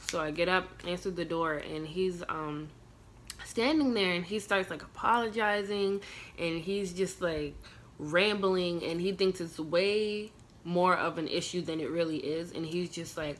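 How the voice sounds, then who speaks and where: A woman's voice: lowish voice, normal speed, a bit bright, slight background noise. A young woman from the United States telling a long personal story in a casual, rambling way, full of fillers and quoted dialogue. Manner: chatty, filler-heavy retelling with quoted dialogue. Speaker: vlogger.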